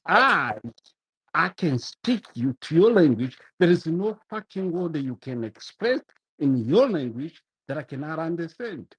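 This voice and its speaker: A man's voice: on the high side, sing-song, unhurried, a bit bright, slightly rough, no echo. A man from Kenya with a Kenyan accent, calling in to a show and arguing heatedly, repeating words to break in. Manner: insistent, repeats words to cut in. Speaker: caller. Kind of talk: heated call-in argument. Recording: muffled phone line.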